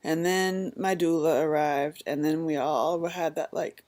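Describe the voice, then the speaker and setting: A woman's voice: low voice, unhurried. A woman in her thirties, casually telling her birth story and acting out the voices of the people in it. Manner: animated, acts out voices in quoted lines.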